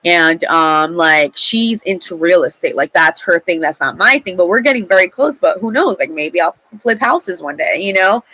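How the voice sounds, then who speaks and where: A woman's voice: lowish voice, lively intonation, moderate pace, few pauses, bright, forceful tone, breathy edge, low-quality recording. A young woman vlogger telling a story in a chatty, rambling way, swearing freely. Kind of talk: casual storytelling to camera.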